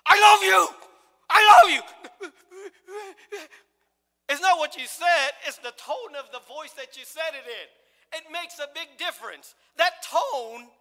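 Middle-aged male preacher, high bright voice, loose and joking, restarts often, heard in a reverberant church. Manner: conversational, jokey, with many restarts and acted-out quotes. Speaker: pastor. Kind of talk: sermon. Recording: long hall reverb.

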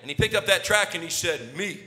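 Animated preacher man in echoing hall. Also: sits high, fairly quick, background noise. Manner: animated, swings from shouting to near whisper. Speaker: pastor. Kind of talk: sermon storytelling. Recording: long hall reverb.

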